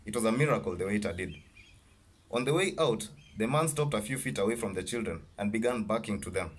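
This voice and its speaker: A man reading his own novel aloud, halting and correcting himself as he goes. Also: fairly low pitch, lively intonation, husky. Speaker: author.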